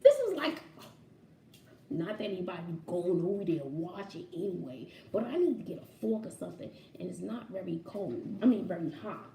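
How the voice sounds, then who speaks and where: A woman vlogging casually from home, excited and giggly, talking to her viewers as y'all. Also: fairly low pitch, brisk, creaky, recorded from a distance, a little hiss or hum. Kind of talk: casual vlog chat. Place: home room. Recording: echoey room, off-mic.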